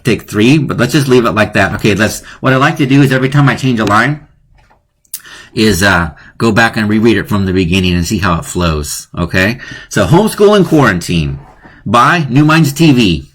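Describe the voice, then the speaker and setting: A man's voice: on the low side, big pitch swings, fairly quick, fairly bright tone, breathy edge. A man hosting a live online lesson, playful and chatty, often chuckling at his own jokes. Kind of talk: casual live-streamed lesson.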